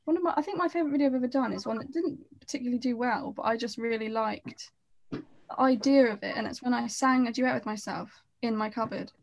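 A woman guesting on a podcast rambles in casual chat, self-deprecating and trailing off mid-sentence. Her voice is fairly high with vocal fry, and she talks at a quick pace.

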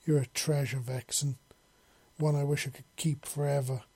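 A man reading a storybook, voicing an earnest, excitable young human woman who speaks with wonder. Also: fairly high pitch, normal speed, slightly rough, no room sound. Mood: tender.

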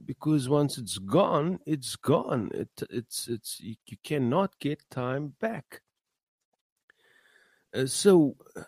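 Speaking at medium pitch with vocal fry and a darkish tone, the South African podcast host gives an earnest motivational monologue. He leans on fillers and repeated words and lifts his emphasis on key phrases, with no echo in the recording.

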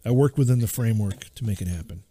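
A man's voice: fairly low pitch, fast talker, dark tone, slightly rough, no echo, clean studio sound. A middle-aged man co-hosting a podcast in casual chat, emphatic and teasing, laughing often. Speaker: podcast co-host.

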